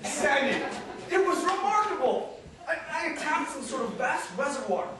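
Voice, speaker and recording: An actor playing a restless, witty out-of-work New York man in a stage monologue, rambling and animated, mimicking passers-by. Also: very high-pitched, moderate pace, crowd noise. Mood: excited. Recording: echoey room from far off, noisy.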